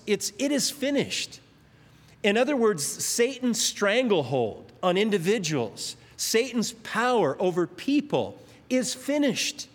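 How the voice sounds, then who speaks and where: Male pastor, slightly high voice, emphatic sermon delivery, reverberant church hall. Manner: emphatic preaching with rising, stretched climaxes.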